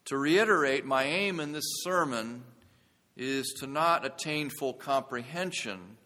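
A man's voice: mid-range voice, animated, unhurried, sharp tone, big-room sound. A man preaching a sermon as a pastor, earnest and building to intense emphasis.

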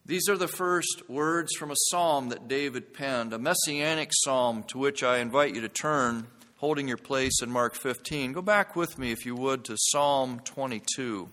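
A man's voice: medium pitch, unhurried, hardly any pauses, bright, forceful tone, big-room sound. A man preaching a sermon as a pastor, earnest and building to intense emphasis.

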